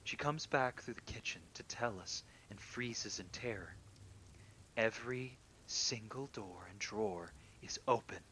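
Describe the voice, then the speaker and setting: A man calmly reading true horror stories aloud, sometimes dropping to a hushed near-whisper. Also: measured pace, a little hiss or hum. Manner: calm, low-key reading that drops into hushed near-whispers. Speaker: horror story reader.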